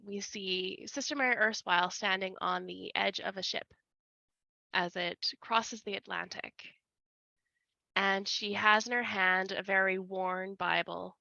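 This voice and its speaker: A woman player narrating a scene in a tabletop game, slow and deliberate. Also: medium pitch, steady tone, creaky, bright, forceful tone, no room sound. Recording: dull lo-fi recording.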